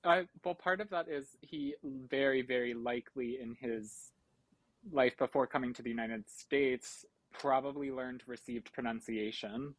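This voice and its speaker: A man's voice: mid-range voice, a little slow, dry recording, low-quality recording. Man explaining thoughtfully in casual chat. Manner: thoughtful, explains at length, supportive murmurs. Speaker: podcast co-host. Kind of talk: casual chat about a film.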